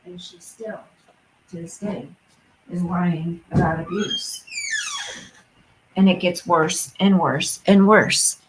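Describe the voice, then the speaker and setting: A woman's voice: on the low side, fairly even intonation, takes it slowly, long pauses, slight background noise, poor audio. A woman in her fifties chatting casually and bluntly to her viewers, telling gossipy stories. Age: 50s. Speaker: vlogger.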